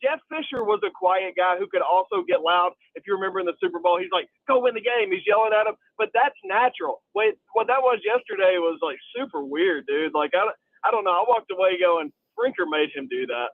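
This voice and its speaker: A man phoning in to a sports talk show, his high voice squeezed through a tinny phone line. He rambles casually and throws in dude. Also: expressive, a little fast, no room sound. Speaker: caller. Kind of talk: casual call-in chat.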